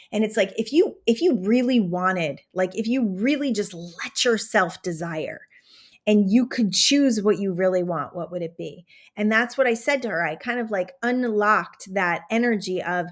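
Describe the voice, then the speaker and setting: A woman hosting a podcast, giving a casual motivational talk with animated enthusiasm and a slight Southern American twang. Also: mid-range voice. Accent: drifting into a Southern American twang. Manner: animated, enthusiastic, conversational with many fillers. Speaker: podcast host and manifestation coach.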